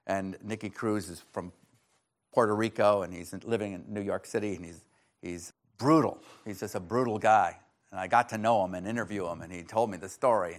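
Male pastor, earnest sermon delivery, lowish voice, scripture and stories. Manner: earnest preaching with scripture readings and anecdotes.

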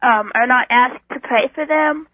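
A woman's voice: high-pitched, normal speed, no echo. A woman calling in to a show, asking a Bible question hesitantly with many fillers. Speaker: caller. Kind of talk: phone call-in question. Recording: tinny phone line.

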